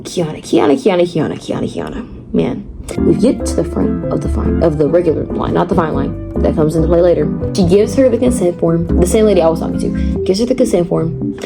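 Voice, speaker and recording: A teenage girl telling a story on her vlog, dramatic and animated, repeating words for effect. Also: lowish voice, quick pace. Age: teens. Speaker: vlogger. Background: background music.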